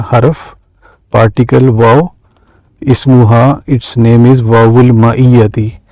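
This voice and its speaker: A man's voice: medium pitch, dark tone, no echo, muffled recording. A man teaching an Arabic grammar lesson, reading Arabic phrases and then explaining each one in English with frequent hesitations.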